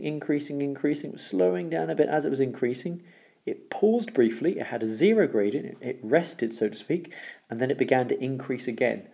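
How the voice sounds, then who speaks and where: A male maths teacher talks through a lesson with a gravelly, mellow voice. He explains patiently, repeats each rule and pauses to ask "okay?" His tone stays dark and steady. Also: mid-range voice. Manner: explains step by step, repeats key rules, checks with "okay?".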